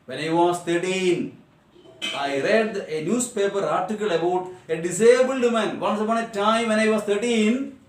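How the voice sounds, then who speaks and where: A man with an Indian English accent explains a text to his class, repeating every line in new words and firing rhetorical questions at his students. His voice sits a little high for a man. He sounds set back from the mic in a roomy, echoing space. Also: normal speed, far from the mic. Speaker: teacher. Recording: echoey room, voice away from mic.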